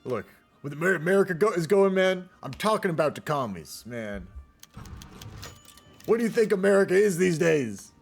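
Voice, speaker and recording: A man's voice: high-pitched, sing-song, normal speed, creaky, slightly rough, faint music behind. A man streaming and casting a multiplayer strategy game in casual live commentary, rambling and laid-back, swearing and often tacking "man" onto his sentences.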